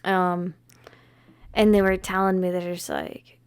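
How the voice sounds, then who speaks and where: A woman's voice: lowish voice, little pitch movement, a little slow, clear, resonant tone. A woman in her thirties co-hosting a podcast, chatting casually and telling stories with plenty of "like" fillers. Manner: chatty storyteller, lots of "like" fillers. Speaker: podcast co-host. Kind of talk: casual chat.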